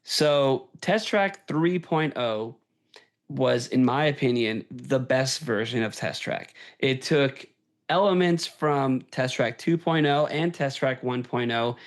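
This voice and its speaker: A man's voice: medium pitch, slow. A man hosting a podcast, chatting casually and with enthusiasm, often checking in with "right?". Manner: enthusiastic, tags "right?" onto points. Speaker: podcast host. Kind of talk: casual chat.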